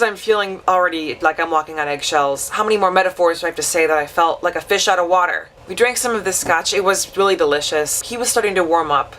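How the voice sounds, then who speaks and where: A young woman from Wisconsin vlogging a comic story, rambling and self-mocking with quick asides. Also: lowish voice, fairly bright tone, a little hiss or hum.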